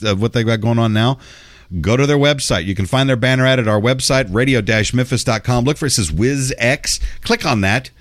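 A man's voice: medium pitch, a bit bright, no echo, studio quality. A man hosting a radio show, chatting loosely and reading ads in a rambling, chummy way with slang asides. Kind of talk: casual radio chat and ad reads.

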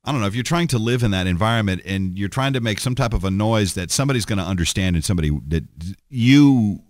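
A man's voice: lowish voice, no room sound, clean studio sound. Rambling sardonic male podcast host. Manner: rambling, sardonic, many restarts and fillers. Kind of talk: solo podcast monologue.

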